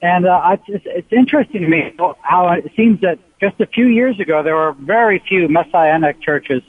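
A man in his sixties with a fairly high voice calls in over a tinny phone line. He talks in an earnest, halting way with frequent pauses, and the sound is dry and close. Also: expressive, no echo. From United States. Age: 60s. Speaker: radio caller. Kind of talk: call-in question.

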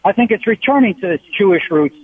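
A man in his sixties with a fairly high voice calls in over a tinny phone line. He talks in an earnest, halting way with frequent pauses, and the sound is dry and close. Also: animated, breathy edge. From United States. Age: 60s. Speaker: radio caller. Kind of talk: call-in question.

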